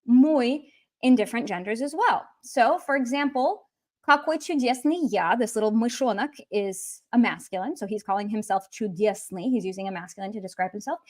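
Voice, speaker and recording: An English-speaking woman teaching Russian in a casual livestream lesson. She keeps it humorous and lighthearted and moves between English and Russian. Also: on the high side.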